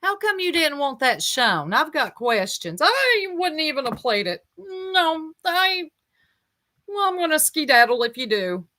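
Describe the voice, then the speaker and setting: A woman talks over a clip she is reacting to. Her voice sits a little high, and her asides are sarcastic and mocking as she speaks to her viewers. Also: big pitch swings, measured pace, pushed and bright. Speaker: commentary streamer.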